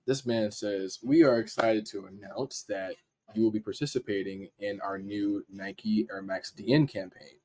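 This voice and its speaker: A man's voice: on the low side, a little slow, mellow, slightly rough. A young man, a podcast guest, telling a story casually and acting out what people said, with some swearing. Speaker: podcast guest, dancer and editor.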